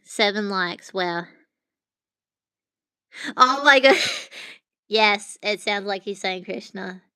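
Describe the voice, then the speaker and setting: A woman streams live from her phone, chatting to viewers in a loose, rambling way. Her voice is bright and crisp. The sound is close and dry. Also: mid-range voice, no room sound. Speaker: livestream host. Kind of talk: casual livestream chat with viewers.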